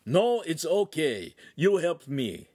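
A man's voice: fairly high pitch, very animated, takes it slowly, darkish tone, voice pushed up, full character voice. A man voicing a cheerful, bossy master craftsman with an Italian accent and broken English.

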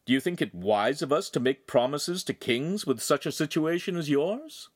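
A man voicing a smooth, shrewd male court official with a measured, persuasive manner. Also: fairly high pitch, lively intonation, voice pushed up.

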